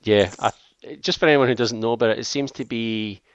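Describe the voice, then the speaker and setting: A man hosting a casual football chat, steering the conversation briskly. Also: medium pitch, clean tone, no echo, dull audio. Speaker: podcast host.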